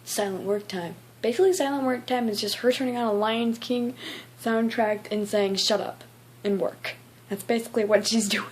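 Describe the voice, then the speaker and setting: A woman's voice: on the high side, fairly even intonation, brisk, a little mellow, slight background noise. A teenage girl ranting casually in a vlog, full of "like" fillers and acted-out quotes. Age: teens. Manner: chatty, frequent "like" fillers, acts out quotes. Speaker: vlogger.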